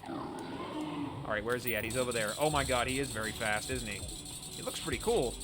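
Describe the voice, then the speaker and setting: A man giving chatty, excitable gameplay commentary as host of his let's play series, often poking fun at himself. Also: mid-range voice, normal speed, noisy background. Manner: excitable, chatty, self-mocking.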